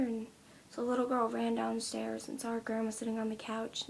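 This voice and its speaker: A young woman in her teens retelling a story in a casual vlog, speaking softly and often near a whisper, with many ums. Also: on the high side, monotone, a little fast, creaky, few pauses, a little hiss or hum. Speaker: vlogger.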